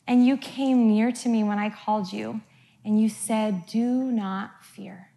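A woman's voice: mid-range voice, steady tone, measured pace, vocal fry, warm tone. A middle-aged woman giving a conversational sermon, often checking in with the congregation with "right?" and playfully acting out her children's voices. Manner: chatty, keeps asking "right?" of the crowd. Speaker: church speaker.

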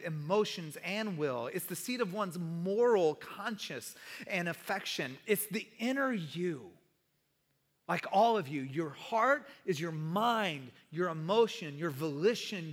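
A pastor preaching a sermon in a conversational way, often asking the congregation questions. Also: male voice, high-pitched, fairly bright tone. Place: church sanctuary. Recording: long reverb of a large hall.

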